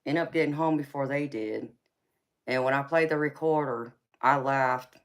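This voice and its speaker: A woman's voice: very deep voice, normal speed. Teasing woman with a Southern drawl. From California. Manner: chatty and teasing, laughs often, calls viewers honey and baby. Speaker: livestream tarot reader host. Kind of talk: casual live-chat banter with viewers.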